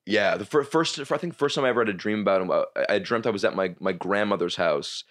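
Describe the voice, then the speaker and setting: A young man, a stand-up comedian, chatting casually on a podcast, rambling and halting with many restarts and curses. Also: lowish voice, animated, a bit bright.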